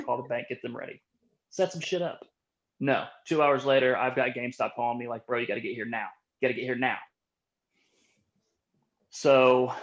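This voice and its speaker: A man hosting a casual gaming podcast, telling stories in a laid-back, chatty way and asking his co-host questions. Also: medium pitch. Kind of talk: casual chat. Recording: dull lo-fi audio.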